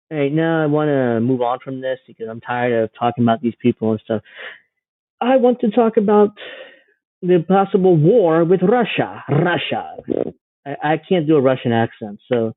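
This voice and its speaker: A man's voice: mid-range voice, no echo, phone-quality sound. A man hosting a livestream, giving sarcastic, rambling political commentary. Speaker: livestream host.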